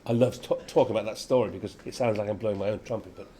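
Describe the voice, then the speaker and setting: An older actor chatting as an interview guest, a lively storyteller who acts out quotes. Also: male voice, fairly low pitch, racing, a little hiss or hum. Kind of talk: casual interview chat. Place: venue with background chatter.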